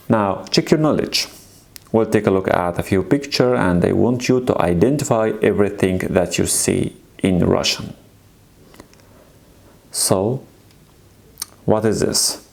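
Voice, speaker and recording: A man's voice: low voice, a little slow, vocal fry, darkish tone. A man teaching a language lesson, explaining in simple sentences and repeating each sound and word several times for learners to echo. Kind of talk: slow, patient alphabet lesson.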